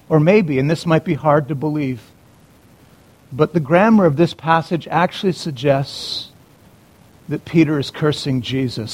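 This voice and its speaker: A male pastor preaching a sermon in a dramatic way, moving between urgent emphasis and hushed, quiet passages. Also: fairly high pitch, lively intonation, moderate pace.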